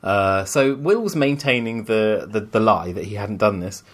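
A man's voice: on the low side, animated, moderate pace. A man telling a long anecdote in casual chat as a podcast co-host, rambling with restarts and putting on voices for the people in the story.

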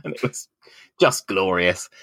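A man's voice: low-pitched, animated, measured pace, vocal fry, dry recording. A man in his forties co-hosting a casual podcast, telling a long anecdote in a dry, wry way. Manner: dry, wry anecdotes, acts out quoted voices loudly. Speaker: podcast co-host. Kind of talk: casual chat, storytelling.

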